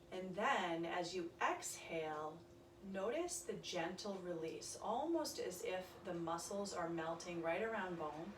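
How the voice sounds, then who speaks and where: Woman yoga instructor, calm soft cueing, roomy echo, set back from the mic. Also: on the low side, a little hiss or hum. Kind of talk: guided yoga class instruction. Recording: echoey room, voice from a distance.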